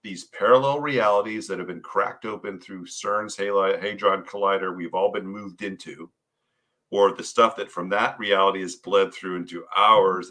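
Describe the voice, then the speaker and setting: This is a man talking as a guest in a podcast interview. His voice sits fairly low but has a bright, forward tone. He speaks earnestly and keeps tagging his points with a quick "right?". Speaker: podcast guest, paranormal author. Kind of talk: conversational interview.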